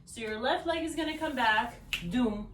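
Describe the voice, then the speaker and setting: A woman's voice: high-pitched, fairly quick, background noise. A woman teaching a belly dance routine, counting beats aloud and humming the rhythms with syllables. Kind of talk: dance tutorial instruction. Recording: echoey room, voice picked up from a distance.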